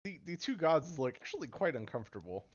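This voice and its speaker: A man's voice: on the high side, sing-song, fast, breathy edge, muffled recording. A man running a tabletop game as game master, making casual, wry asides.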